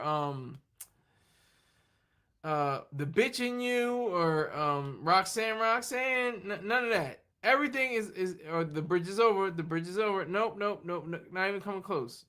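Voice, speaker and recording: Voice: medium pitch, animated, measured pace, pushed and bright. A livestream host chatting casually and rambling, laughing often and answering comments from the chat while running on fumes.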